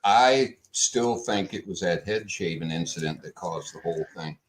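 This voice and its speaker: A man co-hosting a casual podcast, wisecracking and quick to laugh. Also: deep voice. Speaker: podcast co-host. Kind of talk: casual crude banter.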